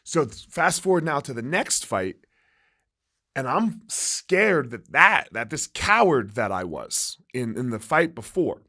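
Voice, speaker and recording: Casting: man, forties, ex-fighter guest, emphatic, salty storyteller, mid pitch. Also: very animated, a little slow, sharp tone. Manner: profane, emphatic, frequent "right?" and "like". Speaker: guest, former fighter and gym owner. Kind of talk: candid storytelling interview.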